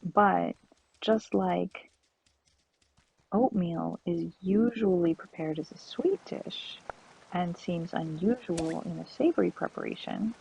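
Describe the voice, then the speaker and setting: A woman's voice: fairly low pitch, slow pace, vocal fry, darkish tone, slight background noise. A woman streaming a farming game, chatting and thinking aloud to her viewers. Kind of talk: casual let's-play chat. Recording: dull lo-fi stream audio.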